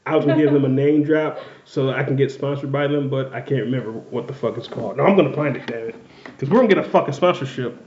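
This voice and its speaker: A man's voice: medium pitch, quick pace, a little mellow. Tipsy joking man on a podcast, roomy sound. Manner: rambling, joking, laughs often, swears. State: a little tipsy. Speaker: podcast co-host. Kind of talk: casual podcast banter. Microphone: desk microphone. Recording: echoey room, dull lo-fi sound.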